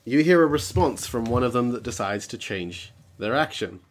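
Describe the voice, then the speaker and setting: A man's voice: medium pitch, lively intonation, moderate pace, slight background noise. Wry man running a tabletop game. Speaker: game master. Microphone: online call.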